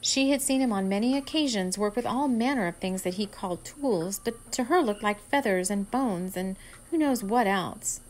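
A woman reads her own novel aloud in a steady, gentle storytelling voice. Her pitch sits mid-range, and she keeps an even, unhurried pace. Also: slight background noise, rough recording. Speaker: author reading her own book. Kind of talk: storybook narration.

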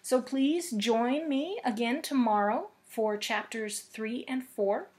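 Higher-voiced woman librarian reading aloud. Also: slow pace. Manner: gentle, expressive storytelling. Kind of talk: children's read-aloud.

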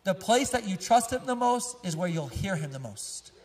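A man's voice: high voice, very animated, normal speed, darkish tone, slightly rough. A male pastor preaching a sermon through casual, joking personal stories, often laughing as he tells them. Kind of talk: storytelling sermon. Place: church sanctuary. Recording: long echo of a church hall.

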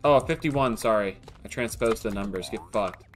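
A man's voice: lowish voice, normal speed, soft background music. A man streaming a game, chatting casually with friends, joking and swearing. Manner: joking, swearing, laughing often. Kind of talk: casual gaming chat.

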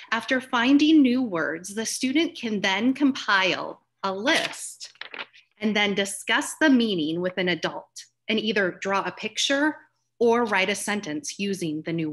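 A woman presenting reading activities in a live session, explaining each step informally with a few fillers. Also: mid-range voice.

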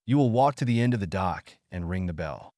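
A man's voice: sits low, animated, a little fast, dark tone, no room sound, studio quality. A man voicing a male drill-sergeant camp cook who roars orders at campers. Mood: barking. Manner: roaring orders.

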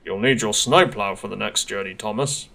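A man's voice: fairly low pitch, moderate pace, vocal fry, a bit bright. A man voicing a stern, patient male train driver in a storybook reading, speaking firmly and scolding. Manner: firm, scolding.

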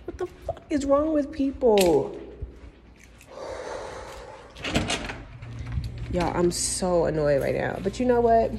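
A woman's voice: mid-range voice, sing-song, slow pace, creaky, long pauses, background noise. A young woman vlogging casually, venting in an exasperated, swearing ramble full of "like" and "bro". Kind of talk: casual vlog rant.

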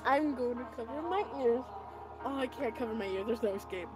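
A woman's voice: on the high side, expressive, brisk, music in the background. A young woman casually vlogging about her old art, self-mocking and dramatic, with groans and giggles. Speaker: video creator. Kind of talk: casual vlog reacting to own old art.

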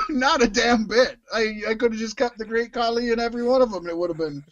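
A man's voice: extremely high pitch, brisk, dull audio, background noise. A man co-hosting a podcast, laughing a lot and reading news items in casual comedic chat. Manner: giggly, jokey, reads news. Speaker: podcast co-host.

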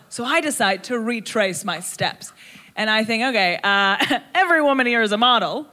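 A young adult woman performing stand-up comedy, telling a story in an animated, crude, self-mocking way on a live stage. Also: a little high, moderate pace.

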